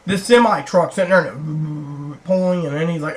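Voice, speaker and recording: A woman vlogger with a deep voice talks a little fast, barely pausing, on a low-quality recording. She rambles through personal stories to the camera, acting out what other people said.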